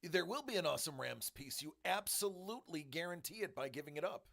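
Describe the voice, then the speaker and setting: A man's voice: a little high, animated, a little fast, vocal fry, a bit bright. A man hosting a casual live stream, chatting upbeat with viewers, reading their comments aloud and muttering to himself as he works his setup. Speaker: livestream host running card breaks and giveaways.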